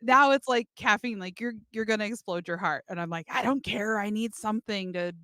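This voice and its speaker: A woman's voice: mid-range voice, fairly quick, sharp tone, no echo, studio quality. Chatty woman co-host telling a story. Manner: chatty, laughs while telling stories. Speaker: podcast co-host. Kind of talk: casual storytelling chat.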